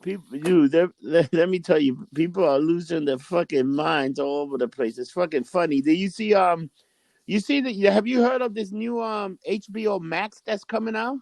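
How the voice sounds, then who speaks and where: Male co-host, high and gravelly voice, loose profane chat, dry close sound. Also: normal speed, darkish tone, no echo. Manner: casual, profane, asks questions, many fillers. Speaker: podcast co-host. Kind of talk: casual podcast chat.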